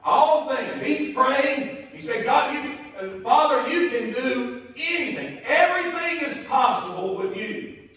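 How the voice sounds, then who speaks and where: A Southern US preacher with a strikingly high voice delivers a sermon at a very unhurried pace, leaning on repeated phrases. He sounds distant from the mic, his words ringing through a cavernous church. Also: lively intonation, a bit bright. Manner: slow, emphatic, repeats key phrases. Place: church sanctuary. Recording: echoey church from far off.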